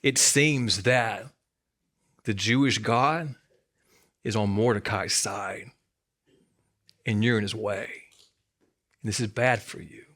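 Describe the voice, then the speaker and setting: A grave, plain-spoken wife warns her husband that he is in trouble, her voice dropped low and unhurried. A man preaching a sermon voices her. She sounds weighty and deliberate rather than shrill. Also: a bit bright. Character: blunt wife warning her proud husband.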